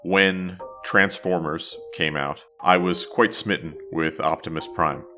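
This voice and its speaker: Deep-voiced man hosting a podcast. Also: steady tone, slow, bright, forceful tone, soft background music. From New Jersey. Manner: storytelling, wry and self-deprecating. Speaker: podcast host. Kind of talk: scripted podcast narration.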